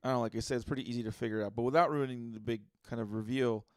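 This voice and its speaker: A man's voice: mid-range voice, steady tone, racing, darkish tone, no echo, studio quality. Rambling, cussing podcast guy. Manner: rambling with many restarts and curse words. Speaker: podcast co-host. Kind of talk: casual chat.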